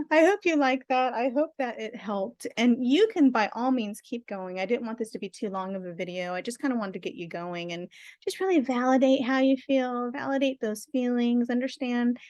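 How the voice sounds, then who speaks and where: Soft-spoken middle-aged woman talking you through a tapping session, kinda high voice, laughs a lot, dry close sound. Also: normal speed, dry recording. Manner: gentle, soothing, affirming, with frequent small laughs. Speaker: tapping practitioner guiding parents. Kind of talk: guided self-help tapping session.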